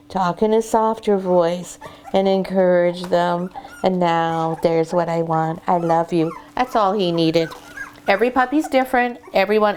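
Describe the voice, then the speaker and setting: A woman breeder sits among a litter of puppies, explaining training steps and then easing into a soft, coaxing voice to settle them. Faint background noise sits under her voice, along with the small sounds of puppies shuffling nearby. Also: mid-range voice. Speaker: dog breeder. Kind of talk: instructional vlog, talking to puppies. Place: sitting in a whelping box with puppies.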